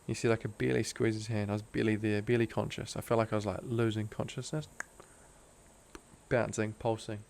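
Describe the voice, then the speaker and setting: A man's voice: on the low side, flat delivery, fairly quick, vocal fry, darkish tone, a little hiss or hum. A young man, a podcast guest, telling a personal story in an earnest, intense way, full of "like" fillers. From Australia. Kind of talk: casual storytelling interview.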